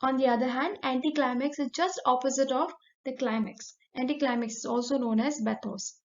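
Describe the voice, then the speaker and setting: Female teacher explaining a lesson, bright high voice, muffled low-fi recording. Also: a little fast.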